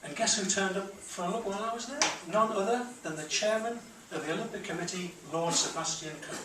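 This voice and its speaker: Geordie man, stand-up comedian, blunt crude delivery, high voice, noisy club recording. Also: brisk. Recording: roomy club recording from far off. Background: audience laughter.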